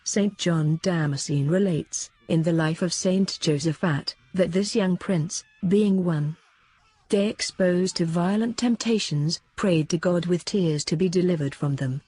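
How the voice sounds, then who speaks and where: A woman reading a devotional book aloud as an audiobook narrator, in a steady, measured way. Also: lowish voice, husky. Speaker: audiobook reader.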